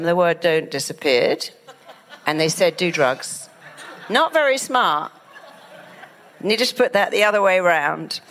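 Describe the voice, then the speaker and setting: Lively woman giving a motivational talk. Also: lowish voice. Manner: animated, acts out anxious inner voices. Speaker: author and speaker.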